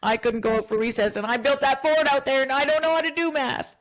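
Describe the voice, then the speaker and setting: Upset young boy, halting and complaining, put on by a woman. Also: sits high, fairly even intonation, voice pushed up, lightly acted, low-quality recording. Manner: halting, complaining, stumbling over words. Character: upset young schoolboy, sulky then calming.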